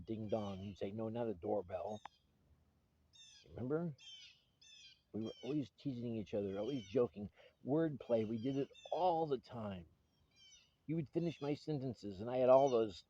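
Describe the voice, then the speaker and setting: A man with a mellow, mid-pitched voice speaks straight to his wife in an earnest, pleading way, stumbling and restarting as he goes. The recording sounds dull and lo-fi. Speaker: husband addressing his estranged wife. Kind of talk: personal video message.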